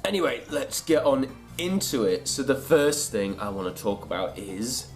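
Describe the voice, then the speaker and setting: Young British vlogger, sarcastic and chatty, mid-pitch, slightly under the weather, light music behind. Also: male voice, very animated, moderate pace. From United Kingdom. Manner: chatty, sarcastic, jumps into silly voices. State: unwell, congested. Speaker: comedy vlogger. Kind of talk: comic vlog monologue.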